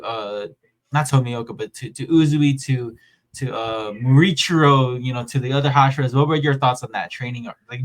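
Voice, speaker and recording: A man hosting a casual podcast chat, his voice lively and rising and falling as he retells scenes. He sits at a middle pitch and laughs as he talks, with the loose feel of friends catching up. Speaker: podcast host.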